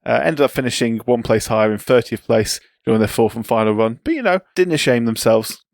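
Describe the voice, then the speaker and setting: Guy on a podcast running thru sports history, bit gravelly, dry room. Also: mid-range voice, brisk, no room sound. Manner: relaxed storytelling, reading sports history with asides. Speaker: podcast co-host. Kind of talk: casual chat.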